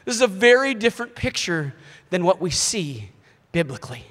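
A man in his thirties, a missionary preaching a sermon in an animated way, acting out voices. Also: high voice, moderate pace, long reverb tail. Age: 30s. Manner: animated, acts out quoted voices.

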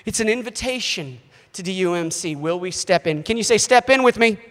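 A man in his thirties, a missionary preaching a sermon in an animated way, acting out voices. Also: high-pitched, a little fast, in a large hall. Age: 30s. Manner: animated, acts out quoted voices.

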